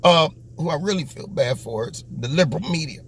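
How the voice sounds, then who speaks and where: A man's voice: a little high, animated, a little fast, gravelly, a bit bright, slight background noise. Sarcastic male political talk-show host. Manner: sarcastic, acts out mocking voices. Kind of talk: political commentary monologue.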